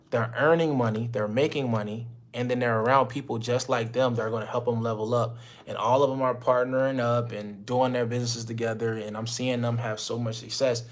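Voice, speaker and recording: A man's voice: mid-range voice, fairly bright tone. A young man coaching his mentorship group on a call, blunt and preachy, full of slang and swearing. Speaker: business mentor. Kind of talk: motivational talk on a call.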